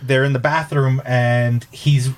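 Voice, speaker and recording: A man's voice: mid-range voice, little pitch movement, slow pace, over a noisy crowd. A man co-hosting a casual podcast chat, rambling and restarting his sentences. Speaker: podcast co-host.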